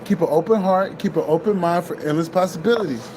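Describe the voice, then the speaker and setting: A man's voice: a little high, fast talker, darkish tone, a little hiss or hum. A man giving a loose, casual spiritual pep talk, swearing freely and repeating himself as he urges listeners to keep an open heart. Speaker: spiritual vlogger.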